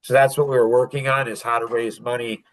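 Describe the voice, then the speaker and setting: An older man telling a painful personal story as a podcast guest, halting and full of restarts. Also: medium pitch, little pitch movement, no echo, rough recording. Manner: halting, emotional retelling with many restarts.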